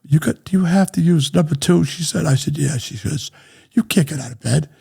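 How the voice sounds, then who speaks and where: Blunt and profane, an older Rhode Island man appears as a talk show guest, spinning casual stories while laughing and often tossing in "right?". He talks a little fast in a fairly high voice that's creaky, mellow, and husky.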